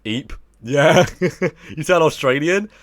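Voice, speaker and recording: A man's voice: on the high side, lively intonation, slow, fairly bright tone, dry recording, clean studio sound. Chatty English young man on a livestream. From England. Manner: rambling, swearing, jokey. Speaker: livestream host. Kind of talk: casual livestream chat with viewers.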